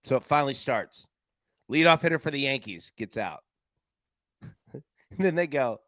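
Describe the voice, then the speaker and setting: A man's voice: mid-range voice, normal speed, pauses often, no echo. A man hosting a sports betting show, chatting casually in a loose, slangy way. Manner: animated, loose and slangy, lots of "man" and "dude".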